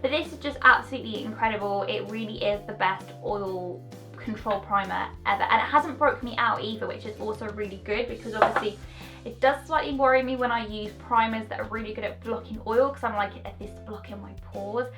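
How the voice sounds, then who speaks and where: A woman's voice: a little high, a little fast, fairly bright tone, faint music behind. A young woman chatting bubbly and casually as a beauty vlogger, drifting off on tangents. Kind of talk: casual product review chat.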